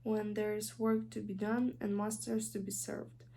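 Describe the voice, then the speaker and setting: A woman with a Ukrainian accent voicing an ashamed, bowing male kitchen house-elf, squeaky and apologetic. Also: flat delivery, unhurried, warm tone, slight background noise, natural voice.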